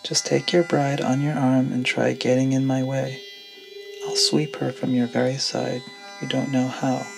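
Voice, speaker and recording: Man voicing a harsh old father, gravelly, flat delivery, mocking, music bed under. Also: medium pitch, measured pace, low-quality recording. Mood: boastful. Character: scornful domineering old father, man, bedridden.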